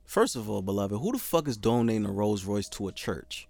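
A man's voice: on the low side, sing-song, a little fast, creaky, darkish tone, no room sound. A man co-hosting a casual chat, blunt and indignant, swearing for emphasis.

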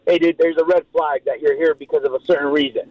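A man's voice: fairly high pitch, fairly even intonation, fast. A man talking on a radio show, hesitant and filling with "like". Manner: hesitant, lots of "like". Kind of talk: casual radio talk. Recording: slightly dull, lo-fi radio sound.

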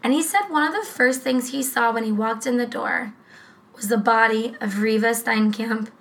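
A woman co-hosting a casual true-crime podcast, talking in a rambling, profane, animated way. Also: fairly high pitch, moderate pace, poor audio. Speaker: podcast co-host.

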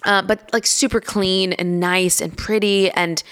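A woman's voice: mid-range voice, steady tone, unhurried, fairly bright tone, clear, resonant tone. A woman in her thirties co-hosting a casual podcast, telling family stories in a chatty way full of fillers. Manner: chatty storyteller, lots of fillers. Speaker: podcast co-host, mother. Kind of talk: casual chat.

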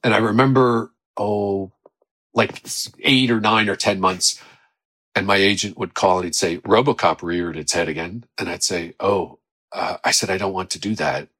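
A middle-aged actor, a man, chatting as a podcast guest, telling rambling, animated anecdotes full of quoted voices. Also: low voice, normal speed. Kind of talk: casual anecdotal chat.

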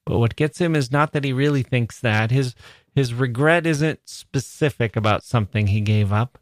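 A man's voice: medium pitch, normal speed, no room sound, studio quality. A man hosting a literature podcast, talking through a play with earnest emphasis and a lot of repetition. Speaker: podcast host.

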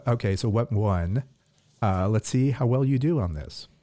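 Low, mellow-voiced man quizzing a co-host. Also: animated, normal speed. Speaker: podcast co-host. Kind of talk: casual chat.

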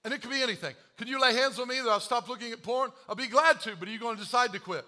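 A man preaching a sermon as pastor, joking at himself and moving from quiet confession to loud urging. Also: very high-pitched. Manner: animated, self-deprecating humor, swings from quiet confession to shouting; quotes scripture slowly.

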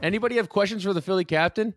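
A man's voice: high-pitched, rapid-fire, no room sound, studio quality. Teasing, sarcastic Philly man. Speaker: podcast co-host. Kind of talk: casual chat.

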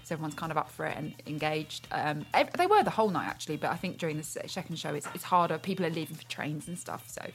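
Woman comedian as a radio guest, fast and chatty, self-deprecating, lowish voice. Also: expressive, soft background music. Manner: chatty, self-mocking, jokey. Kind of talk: casual radio chat.

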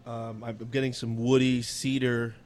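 A man's voice: mid-range voice, flat delivery, unhurried, darkish tone. A man on a podcast panel, laid-back and plain-spoken in casual chat.

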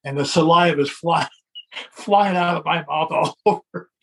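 A man's voice: on the high side, measured pace, creaky, a bit bright, far from the mic, slight background noise. An older man telling a long anecdote in casual chat, acting out the quotes with chuckles along the way. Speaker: guest telling a wrestling story. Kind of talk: casual storytelling.

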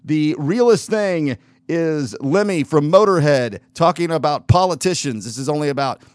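A man's voice: a little high, expressive, normal speed, dry recording. A man hosting a show, telling a casual story in a rambling way, with lots of restarts and fillers. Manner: rambling, self-interrupting, with fillers and laughs. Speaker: podcast host.

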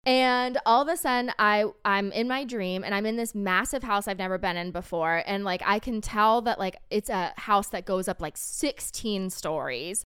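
A young woman talks in a relaxed, casual way, piling on little fillers as she tells a story. Her voice is strikingly smooth and clean. The sound is dry and close to the mic. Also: mid-range voice, moderate pace, few pauses, no room sound. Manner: chatty, lots of fillers, laughs easily. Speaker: podcast guest.

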